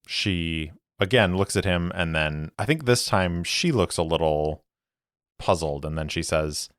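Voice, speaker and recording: A man narrating a solo tabletop game as its game master, with calm, deliberate storytelling. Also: low-pitched, clear, resonant tone, no echo, studio quality.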